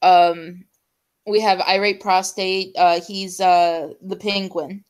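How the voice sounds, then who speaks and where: A woman talk-show host in casual conversation, her voice sitting a little low for a woman. She wanders through her stories with frequent ums and unfinished thoughts. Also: steady tone, clean tone. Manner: chatty, full of ums and trailing pauses. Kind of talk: casual chat.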